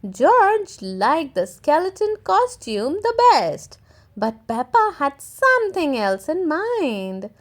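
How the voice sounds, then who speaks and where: A woman reading a children's picture book aloud in an expressive, gently paced way. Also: high-pitched, takes it slowly. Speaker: storytime reader. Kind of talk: children's read-aloud narration.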